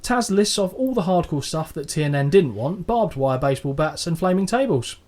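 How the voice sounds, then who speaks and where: A man with a slightly raised voice, chatting casually as a podcast co-host. He is jokey and sweary, and his delivery is animated. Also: on the high side, fairly quick. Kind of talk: casual chat.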